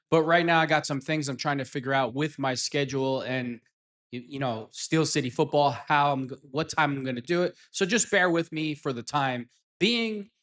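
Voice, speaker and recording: A man's voice: fairly high pitch, a bit bright. A man hosting a solo live-stream sports talk show, rambling and mocking in a sarcastic tone.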